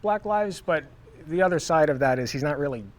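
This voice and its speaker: A man's voice: a little high, expressive, fairly quick. A man on a debate panel, speaking hesitantly and hedging his points.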